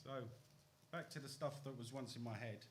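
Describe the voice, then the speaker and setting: A man reading his own poems on a podcast, soft and reflective, with halting restarts between pieces. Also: mid-range voice, very noisy. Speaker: poet guest on a podcast.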